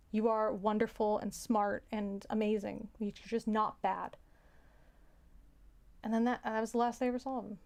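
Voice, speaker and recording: Halting woman with a gravelly voice. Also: medium pitch, a little mellow. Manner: halting, repeats words, sighs. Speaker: teacher. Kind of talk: casual storytelling.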